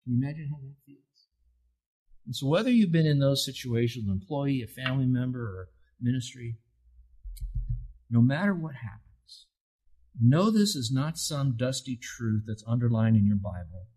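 Husky-voiced man preaching a sermon. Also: lively intonation, normal speed, warm tone, rough recording. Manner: earnest, rises in pitch and force when quoting scripture. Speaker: pastor.

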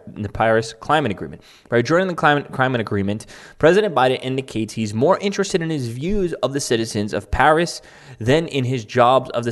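A man talking as a political commentator in casual, rambling commentary, sarcastic and mocking, with many fillers like "um" and "like". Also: medium pitch. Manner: sarcastic and mocking, sometimes laughing. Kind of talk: casual commentary reading out online posts.

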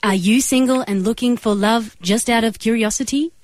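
A woman on a radio prank call, putting on a stiff, measured automated phone-system voice. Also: a little high, a little mellow, lightly acted. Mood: prying. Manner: stiff, measured, robotic phone-menu delivery.

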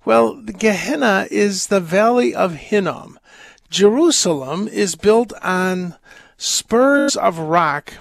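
A man hosting a Catholic call-in radio show, reading letters and answering questions in a rambling, halting, wry way. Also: high-pitched, lively intonation, creaky, dry recording. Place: radio studio. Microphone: studio microphone.

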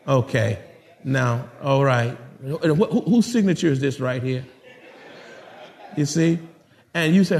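A middle-aged male pastor giving a lively sermon in a church, with folksy asides to the congregation. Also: mid-range voice, slow pace, vocal fry, long pauses.

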